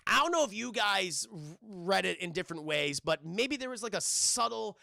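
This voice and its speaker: A man's voice: high voice, expressive, moderate pace, creaky, bright, forceful tone, dry recording, studio quality. Profane, chatty young man addressing chat. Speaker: streamer reviewing a film. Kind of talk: casual livestream film breakdown.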